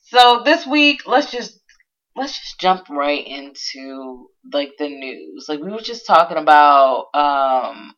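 A woman's voice: sits low, big pitch swings, slow pace, a bit bright, dull audio. A young woman hosting a podcast in casual chat, giggly and chatty with lots of fillers. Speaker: podcast host.

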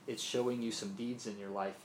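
A man's voice: lowish voice, steady tone, fairly quick, a little hiss or hum. A man from Mississippi preaching a sermon, earnest, often repeating himself and asking "right?". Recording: roomy echo, faint ambience.

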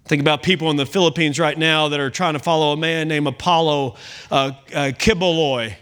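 High, bright-voiced preacher. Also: male voice, steady tone, fairly quick, clear, resonant tone. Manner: emphatic preaching with wide swings in loudness; conversational asides and self-corrections. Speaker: pastor. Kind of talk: sermon.

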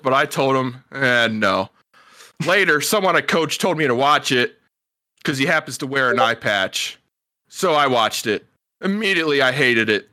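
A man with a rather high, bright and forceful voice reads out listener reviews on a casual podcast. He plays it mock-earnest and keeps breaking into laughter. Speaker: podcast co-host.

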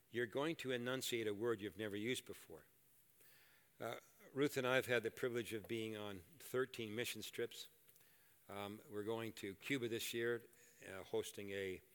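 An older man preaching a sermon and leading prayer in a church, animated and joking at his own expense. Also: on the low side. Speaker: pastor. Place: church hall. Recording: echoey hall reverb.

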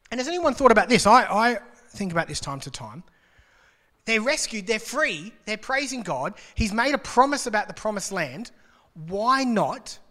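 Bright-voiced man preaching in a hall. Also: high voice. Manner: conversational and joking, with rhetorical questions. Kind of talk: sermon. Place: church hall. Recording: long reverb of a large hall.

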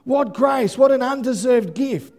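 A male pastor preaching an animated sermon, rising to shouts at the peaks and dropping into quick asides. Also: very high voice.

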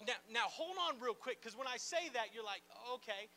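A man preaching a sermon to a church gathering in an animated, conversational way, with playful asides and lots of "like" fillers. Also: very high voice, brisk, a little hiss or hum. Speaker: pastor. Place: church gathering in a large room.

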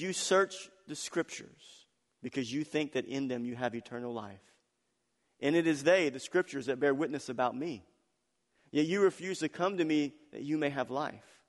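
A man preaching a sermon as pastor, telling family stories with laughter and swinging between loud, excited passages and soft, hushed ones. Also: medium pitch. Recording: long hall reverb.

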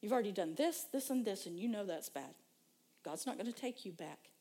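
A woman preacher voicing the devil as a low, quiet, taunting male spirit who condemns the listener. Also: expressive, fairly quick, lightly acted. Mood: accusing. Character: sneering accusing male devil, low and hushed.

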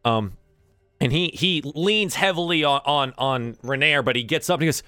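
A man's voice: a little high, moderate pace, sharp tone, clear, resonant tone, no echo, studio quality, faint music behind. A man narrating as game master of a tabletop game, rambling with many fillers and restarts.

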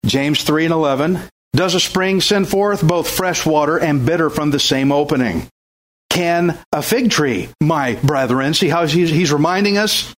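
High-voiced emphatic male preacher. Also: moderate pace, fairly bright tone, a little hiss or hum. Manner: emphatic, exhorting, rhetorical questions. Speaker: pastor. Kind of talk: sermon.

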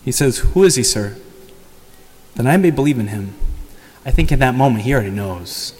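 A man's voice: normal speed, a little hiss or hum. A man who is a priest, giving a casual sermon that retells a story and acts out the quotes. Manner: lively storytelling, acts out quotes with higher pitch and laughs. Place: church. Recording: long church reverb.

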